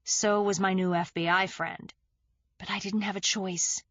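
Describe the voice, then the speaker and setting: A woman reads a thriller aloud in the first person, her pacing measured and steady. Her voice sits in a middle register and is recorded very close and dry, with no room sound at all. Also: mid-range voice, dry recording. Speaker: audiobook narrator.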